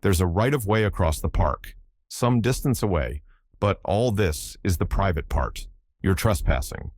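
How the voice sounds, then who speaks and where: A male narrator voicing a wry, easygoing young gentleman with a dry, teasing way of talking. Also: low voice, animated, unhurried.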